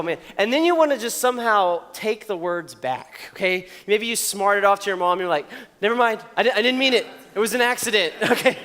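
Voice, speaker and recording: A man's voice: high voice, fairly bright tone. A young man giving a casual youth sermon, telling jokey stories and often checking in with his listeners. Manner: storytelling, joking, often checks in with "okay?". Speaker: youth pastor. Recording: long hall reverb.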